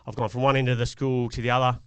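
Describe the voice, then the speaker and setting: A middle-aged podcast co-host shares a personal parenting story in an earnest, reflective tone, as part of a casual chat. His medium-pitched voice stays fairly flat and comes out rapid-fire, with a clean, echo-free sound.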